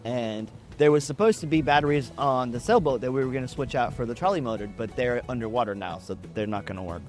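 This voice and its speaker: A man's voice: mid-range voice, quick pace, faint music behind. A man from Texas telling a story casually, with wry, profane, laid-back humor.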